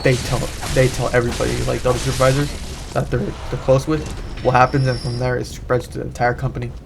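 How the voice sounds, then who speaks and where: A man's voice: medium pitch, level tone, quick pace, creaky, music in the background. A young man hosting a gaming channel, telling a long, profane, rambling story in casual commentary while he plays at home. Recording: noisy background.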